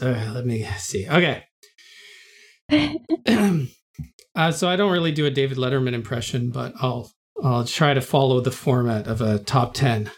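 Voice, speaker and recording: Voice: medium pitch, animated, normal speed. Hesitant reader doing a comedy bit. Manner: hesitant, lots of uhs and restarts. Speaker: reader presenting a segment.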